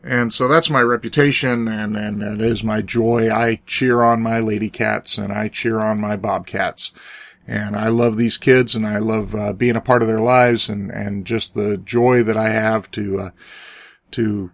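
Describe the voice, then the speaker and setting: A man hosting a Christian talk podcast, his voice hoarse and raspy from cheering, talking in a folksy, earnest way with frequent restarts. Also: lowish voice, fairly even intonation, a little slow, dry recording. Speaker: podcast host and preacher. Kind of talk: casual chat.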